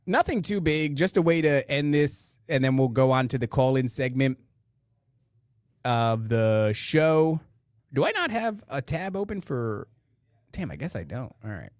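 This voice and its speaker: A male podcast host riffing sarcastically over clips he plays. His voice sits at a middling pitch and the sound is dry and close, with no room around it. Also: big pitch swings, unhurried, darkish tone, no echo. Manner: sarcastic, mocking, rambling asides. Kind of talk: casual commentary over clips.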